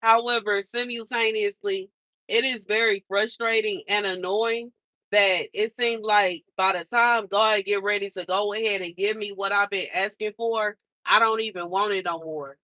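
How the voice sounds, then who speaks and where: A young woman vents to her livestream audience, frustrated and emphatic, and she keeps circling back to the same complaints. Her voice is bright and tense. The sound is dry and close, with no room echo. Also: medium pitch, steady tone, normal speed. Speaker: livestream host. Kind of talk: venting on a livestream.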